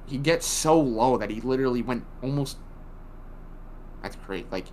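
A man's voice: medium pitch, moderate pace, a little mellow. Young guy chatting about last nights show, swears a lot, rambles, bit of noise behind. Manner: blunt, profane, rambling retelling. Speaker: podcast co-host. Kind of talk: casual wrestling recap chat.

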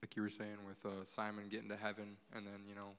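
Man, church member, low bright voice, away from the mic, faint noise. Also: monotone, fast, clear, resonant tone. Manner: hesitant, reads a quote aloud. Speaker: congregation member. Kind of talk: sharing in a church meeting.

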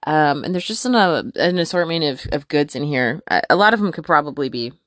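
Profane, animated woman telling stories. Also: sits low, fairly quick, no room sound, clean studio sound. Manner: profane, animated, laughs often. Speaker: podcast host. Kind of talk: casual storytelling monologue. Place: home closet.

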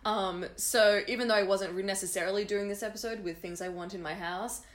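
A woman co-hosting a podcast in relaxed conversation. She tells her stories with enthusiasm and breaks into laughter often. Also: mid-range voice, fairly quick. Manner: laughs often, animated storytelling. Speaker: podcast co-host. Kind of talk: casual chat.

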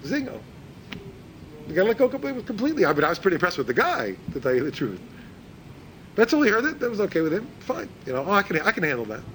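A man's voice: huge pitch swings, fast talker, pauses often, slight background noise, low-quality recording. A man giving an informal religious lecture who repeats words as he searches for phrasing and acts out the people he quotes. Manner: acts out quoted speakers in a higher voice. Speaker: religious teacher.

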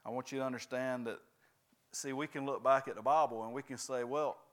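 A man's voice: mid-range voice, fairly even intonation, fairly quick. A man preaching a sermon, constantly checking in with his congregation by asking "right?" and "amen?".

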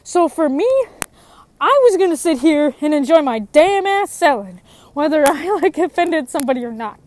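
Young woman, high voice, candid personal testimony that turns heated when she is frustrated. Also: expressive, normal speed, darkish tone. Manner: emotional and frank, voice rising when frustrated. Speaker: person in recovery sharing her story.

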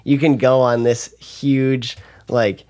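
A man's voice: mid-range voice, flat delivery, slow, a little mellow. A young man hosting a podcast, affectionate and reflective, and he laughs easily. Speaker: podcast host. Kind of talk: casual chat.

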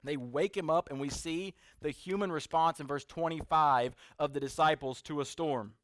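A man's voice: on the high side, no echo. Man, pastor, sermon, earnest, builds and drops, dry sound. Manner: earnest, builds to emphatic peaks then drops soft. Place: room with a seated congregation.

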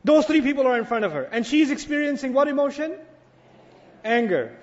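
A man's voice: very high voice, big pitch swings, fairly quick. A man giving a sermon-style talk who retells a story with animation, putting questions to his audience and answering them himself. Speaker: Islamic speaker. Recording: dull lecture hall recording with long reverb.

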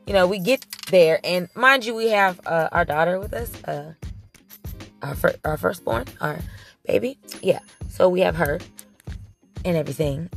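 A young adult woman telling her viewers a story in a casual, emphatic way, talking straight to them. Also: mid-range voice. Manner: emphatic and animated, talks straight to the audience.

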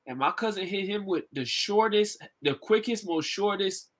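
A man co-hosting a podcast in casual chat, an animated storyteller who laughs often. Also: high-pitched, moderate pace. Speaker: podcast co-host.

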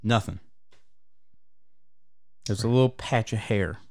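A man's voice: fairly low pitch, slow pace. A man from Michigan, a podcast co-host, telling rambling, profane anecdotes in casual chat. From Michigan, USA.

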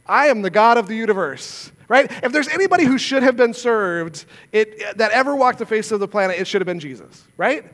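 A man's voice: sits high, animated, brisk, hardly any pauses, a bit bright, long reverb tail. A man preaching a sermon as pastor, earnest and conversational, asking his listeners rhetorical questions. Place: church sanctuary.

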